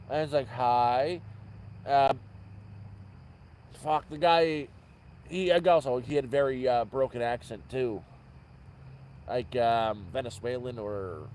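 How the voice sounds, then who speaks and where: A man with a darkish, mid-range voice vlogs from a nighttime outdoor camp on a low-quality recording with slight background noise. His casual livestream storytelling rambles, and he often corrects himself mid-sentence.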